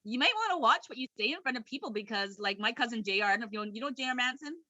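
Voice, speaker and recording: A woman from Canada, speaking with a bright, forceful tone, recounts her own experiences in a loose, conversational way. She rambles, restarts her sentences and laughs easily, and the recording is close and dry, with no room sound. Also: on the high side, expressive, very fast, no room sound, lo-fi sound. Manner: rambling and candid, laughs often, many restarts. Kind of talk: casual personal storytelling.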